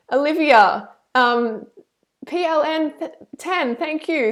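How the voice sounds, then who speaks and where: A woman's voice: fairly high pitch, unhurried. A woman hosting a live stream, chatty and effusive when thanking donors, and earnest and preachy when she campaigns. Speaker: live stream host reading super chats.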